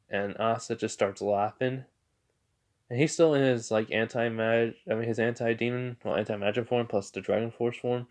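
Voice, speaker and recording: A man narrating a fan story in a rambling, halting way, often correcting himself. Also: mid-range voice, fairly even intonation, darkish tone.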